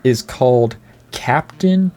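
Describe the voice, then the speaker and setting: A man's voice: mid-range voice, expressive, slow, a little mellow. A man giving casual commentary on a film, rambling with many restarts, swearing now and then, bemused and chuckling. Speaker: video reviewer.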